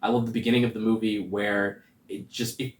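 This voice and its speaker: A man giving a casual spoiler review of a movie, talking in a slangy, animated, rambling way. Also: fairly low pitch, brisk. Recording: roomy echo.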